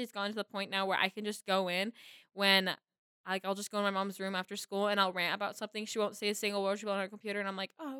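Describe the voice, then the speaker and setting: Bright, crisp teenage girl, earnest rambling. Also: medium pitch, dry recording, clean studio sound. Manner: earnest, rambling, with lots of likes. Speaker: guest. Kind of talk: casual podcast chat.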